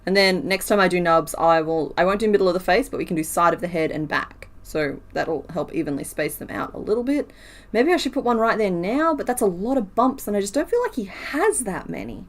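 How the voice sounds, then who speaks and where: A woman's voice: medium pitch, expressive, a little fast. Chatty woman counting crochet stitches. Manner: chatty, counts stitches aloud, reads and answers chat. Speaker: crochet streamer. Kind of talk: casual livestream chat while crocheting.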